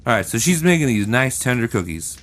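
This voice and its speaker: A man's voice: medium pitch, a little fast. A man co-hosting a comedy podcast, telling an improvised, rambling story in a playful way. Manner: rambling, animated, playful with silly voices. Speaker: podcast co-host.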